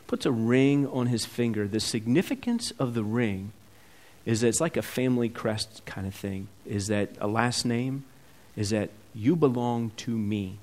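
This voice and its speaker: A man preaching a sermon who asks the congregation questions, swings between loud emphatic peaks and quiet asides, and acts out the characters' words as he reads. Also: medium pitch, measured pace. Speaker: pastor.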